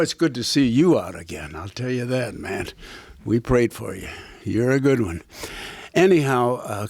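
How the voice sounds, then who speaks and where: A man's voice: mid-range voice, vocal fry, breathy edge, no room sound. An older man, a former catcher and broadcaster, telling rambling baseball anecdotes with punchlines to a small audience. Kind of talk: casual storytelling to a small audience.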